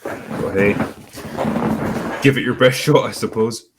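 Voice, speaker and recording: A middle-aged man, hosting a casual chat, halting with many pauses and wry remarks. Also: mid-range voice, heavy background noise. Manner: laid-back, halting with many ums, wry. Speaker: host. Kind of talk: casual chat reading superchats.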